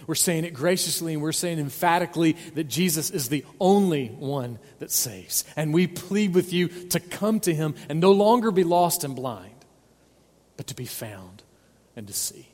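A man's voice: a little high, expressive, moderate pace, darkish tone, in a large hall. A man preaching a sermon as pastor, earnest and pleading, stressing points by repeating words. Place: church sanctuary.

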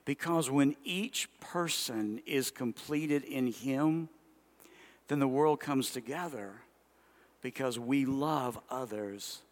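A man preaching a sermon as a pastor, swinging between loud and soft and slowing down for emphasis. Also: medium pitch.

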